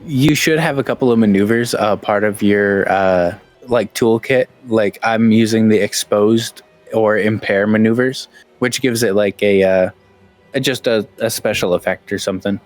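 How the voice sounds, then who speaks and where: A man's voice: on the low side, moderate pace, soft background music. A man playing a tabletop game, helpfully explaining rules to the other players. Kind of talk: casual tabletop game chat.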